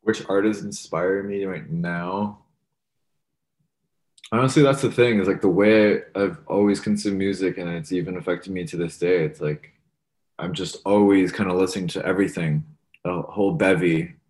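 A man's voice: low-pitched, normal speed. A young man, a musician being interviewed, talking casually and rambling with lots of "like" and "you know". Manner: relaxed, rambling, many fillers like "like" and "you know". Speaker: musician guest.

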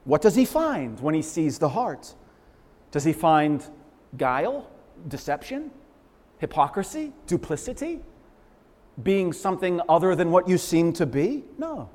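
A man preaching a sermon as pastor, fervent and emphatic, swinging from loud swells to hushed, quiet lines. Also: fairly high pitch, sing-song, a little slow. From Massachusetts, USA. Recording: long reverberant hall echo.

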